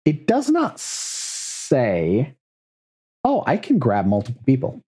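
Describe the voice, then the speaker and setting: A man running a tabletop game as game master, measured and focused on the rules. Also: mid-range voice, huge pitch swings, dark tone, breathy edge.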